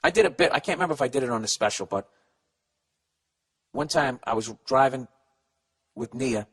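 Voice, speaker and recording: Mid-range, brisk and lively in intonation, this man's voice is fairly bright with a slight roughness. He hosts a comedy podcast, stumbling as he reads out listener letters before giving blunt, profane, rambling advice.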